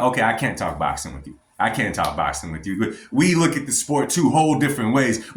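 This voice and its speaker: A man's voice: on the high side, a bit bright. A man giving blunt, emphatic opinions in a commentary vlog, talking straight to his viewers. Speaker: boxing vlogger. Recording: roomy echo.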